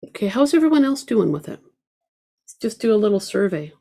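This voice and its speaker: A woman's voice: medium pitch, sing-song, moderate pace, warm tone. A woman teaching an online ukulele class, counting beats aloud and chatting with her students. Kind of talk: online group music lesson. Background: ukulele playing.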